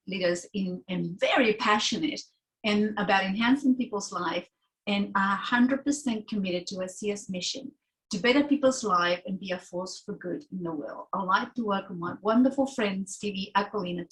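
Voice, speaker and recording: A woman's voice: mid-range voice, normal speed, poor audio. A woman hosting a webinar, introducing a guest with effusive praise. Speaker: webinar host.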